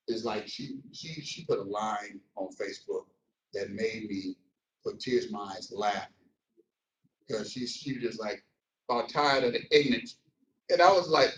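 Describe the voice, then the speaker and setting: A man gives a motivational business training talk, animated and preachy, addressing the room directly. His voice sits at an ordinary pitch for a man. He sounds distant from the mic in an echoey meeting room.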